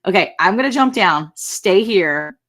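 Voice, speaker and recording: A woman's voice: medium pitch, animated, unhurried, a bit bright. A woman hosting a casual ranch livestream, chatty and laughing often as she greets viewers by name.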